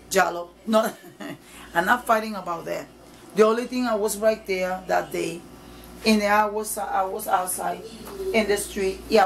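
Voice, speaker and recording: A woman's voice: mid-range voice, slight background noise, low-quality recording. A woman evangelist preaching informally to camera, emphatic and repetitive, in nonstandard English.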